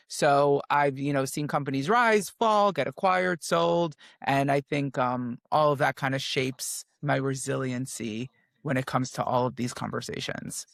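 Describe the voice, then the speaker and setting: A man who is a guest on a podcast, talking about his work with a high-energy, eager manner. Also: vocal fry, a bit bright, no room sound, clean studio sound. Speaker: podcast guest, marketing executive. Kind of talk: casual interview talk.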